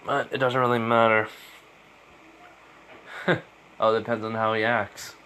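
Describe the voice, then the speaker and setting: A man's voice: lowish voice, level tone, unhurried, pushed and bright, slight background noise. A man casually retelling a fan story at home, rambling with constant fillers and restarts.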